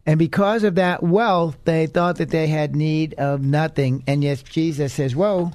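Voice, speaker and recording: Male radio Bible teacher, slightly high voice, earnest and chatty, dry close sound. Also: fairly even intonation, a little slow, a little mellow, no echo. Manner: earnest, conversational, with fillers.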